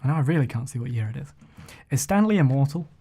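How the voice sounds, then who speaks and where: A man's voice: mid-range voice, expressive, fast, mellow. Chatty, joking male streamer. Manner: chatty, joking, talks to himself and chat. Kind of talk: casual live gameplay commentary.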